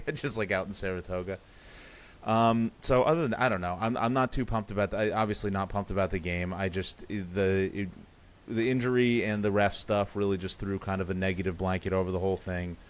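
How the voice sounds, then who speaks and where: A man's voice: deep voice, fairly quick. A man co-hosting a sports podcast, chatting casually and rambling with sarcastic asides. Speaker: podcast co-host.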